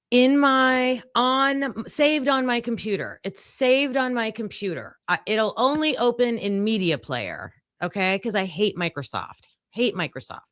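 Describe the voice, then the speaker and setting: A woman hosts a casual true crime stream from her home computer, talking to herself as she fumbles with the setup. Her delivery is slow and unhurried, and her voice rises and falls a lot. The sound is dry and close, with no room around it. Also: fairly high pitch, a bit bright, no echo. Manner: flustered, chatty, self-talking while fixing tech. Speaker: true crime show host. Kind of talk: casual livestream chat.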